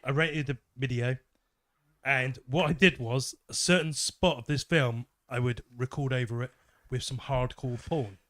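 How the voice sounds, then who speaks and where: A man's voice: medium pitch, unhurried, fairly bright tone. A man co-hosting a podcast, chatty and laughing as he tells a story. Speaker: podcast co-host. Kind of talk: casual chat.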